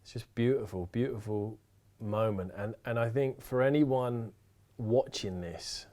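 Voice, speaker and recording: A man's voice: mid-range voice, unhurried, mellow. A man hosting a podcast, earnestly reflecting back on his guest's story. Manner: earnest, affirming, frequent "mm" responses. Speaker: podcast host. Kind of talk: casual interview.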